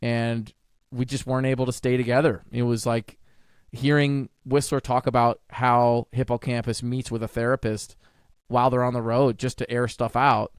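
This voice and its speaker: A man chatting as a guest in an interview, enthusiastic, talking in quick bursts and jumping up in pitch on the words he stresses. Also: flat delivery, clear, resonant tone, no room sound, studio quality. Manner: enthusiastic, jumps up in pitch on emphasis; talks in quick bursts with restarts. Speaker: podcast guest, jazz trumpeter and educator. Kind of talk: casual interview conversation.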